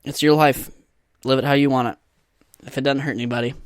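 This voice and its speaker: A young man talks alone into a podcast microphone, rambling loosely and cracking crude, self-deprecating jokes. His voice sits at an ordinary middle pitch. The sound is dry and close, with no room around it. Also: flat delivery, quick pace, clear, resonant tone, no room sound. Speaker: podcast host. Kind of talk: solo casual podcast monologue.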